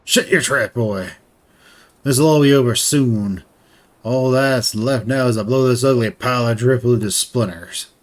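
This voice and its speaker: A man's voice: medium pitch, a little slow, lightly acted. A man voicing a scornful old pirate father in a fantasy game, talking in a coarse, sneering way and swearing.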